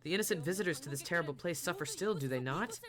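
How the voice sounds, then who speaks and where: A man's voice: a little high, animated, fast talker, fairly bright tone, pitched above the performer's own voice. A man voicing a gallant young female knight in a game, speaking in a grand, archaic way. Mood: earnest. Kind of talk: reading game dialogue aloud.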